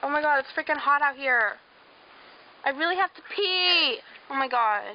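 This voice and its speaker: A young woman chatting casually to her camera, giggling, swearing and exclaiming loudly. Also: high-pitched, lively intonation, moderate pace. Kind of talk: casual vlog chat. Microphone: built-in camera mic. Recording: lo-fi noisy home camera.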